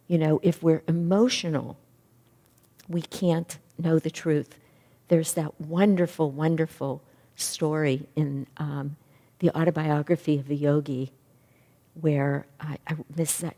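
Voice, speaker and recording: Middle-aged woman minister teaching a class, earnest and thoughtful, with a long echo from the hall. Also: sits low. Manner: earnest, reflective, lively when retelling stories. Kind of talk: spiritual class talk.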